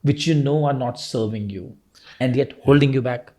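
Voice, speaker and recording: A man hosting an interview, asking earnest, expressive questions. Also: medium pitch, moderate pace. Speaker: podcast host.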